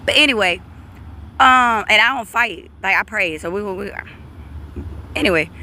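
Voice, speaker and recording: A woman's voice: mid-range voice, normal speed, bright, forceful tone. A woman vlogging outdoors, telling a story in loose, rambling bursts with restarts and free swearing. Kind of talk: casual storytelling vlog. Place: outdoors by a street.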